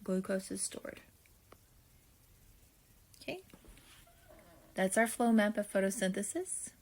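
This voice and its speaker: A woman teacher talking students through a video lesson, slow and deliberate, thinking aloud while she writes and speaking to them directly. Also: mid-range voice, a little mellow. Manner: friendly, addresses students directly. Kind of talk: classroom video lesson, filling in notes.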